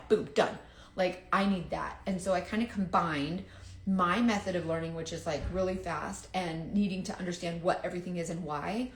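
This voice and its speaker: A woman's voice: lowish voice, normal speed. A woman selling makeup tells a casual, self-deprecating story, oversharing and acting out what others said, and she is sweating and overheated. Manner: chatty, self-deprecating, oversharing, quotes others in lively voices. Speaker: makeup seller. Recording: echoey room.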